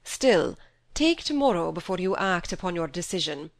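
A woman reading an audiobook, voicing a grave, fatherly older male doctor who speaks slowly and with measured reason. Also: lowish voice, sing-song. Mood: gentle. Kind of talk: audiobook character voice.

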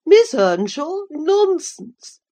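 A prim old lady of the manor, easily scandalized, acted out by a woman reading a story. She sits noticeably higher than the reader's usual voice. She exclaims with indignation. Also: expressive, unhurried, darkish tone. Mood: indignant.

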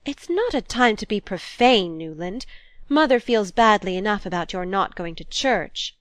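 A woman's voice: medium pitch, animated, moderate pace, no room sound, natural voice. A woman voicing a prim unmarried sister in a book reading, fussy and pleading in a raised voice. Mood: reproachful.

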